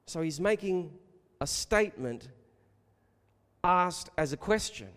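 A man's voice: sits high, animated, slow pace. Impassioned male preacher in a reverberant hall. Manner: emphatic, building to loud rhetorical questions, addressing listeners as beloved. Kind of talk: sermon. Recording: long reverb of a large hall.

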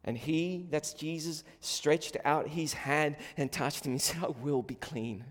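Preacher in a hall, hushed to fervent. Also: male voice, on the high side, unhurried. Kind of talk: sermon.

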